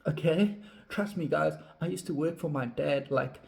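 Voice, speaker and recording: A man's voice: moderate pace, vocal fry. A man, talking candidly to camera, swearing often and ranting with heat. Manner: swears constantly, heated and ranting; drops to low, reflective tone. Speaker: vlogger. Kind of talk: candid personal talk to camera.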